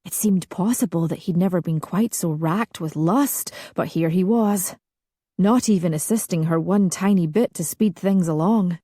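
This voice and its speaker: A woman narrates a historical romance in a slow, hushed, sensual reading. Her voice sits low, husky and mellow. It is recorded dry and close with no room sound. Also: no echo. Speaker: audiobook narrator.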